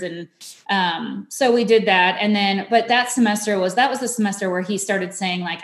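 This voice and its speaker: A woman in her thirties recounts a family story in a relaxed, chatty manner, leaning on fillers as she goes. Her voice sits at a medium pitch. The recording carries a noticeable room echo. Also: moderate pace. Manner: chatty, many "like" and "you know" fillers. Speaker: parent guest. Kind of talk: casual storytelling.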